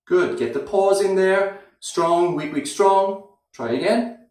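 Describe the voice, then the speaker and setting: A man teaching English pronunciation, repeating short phrases slowly and clearly for learners to copy. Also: sits high, darkish tone. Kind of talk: slow, drilled pronunciation lesson. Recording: very echoey room, mic at a distance.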